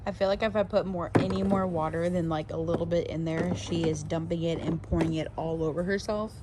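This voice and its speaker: A mom vlogger chatting casually in her backyard, relaxed with the camera and turning to sing-song baby talk with her toddler. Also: fairly low pitch, brisk. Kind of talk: casual home vlog chat. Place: backyard outdoors. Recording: outdoor ambient noise.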